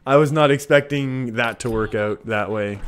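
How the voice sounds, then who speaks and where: A man's voice: mid-range voice, normal speed. A young Canadian man streaming live, chatting through his gameplay, laughing often and answering viewers' messages. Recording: faint music behind.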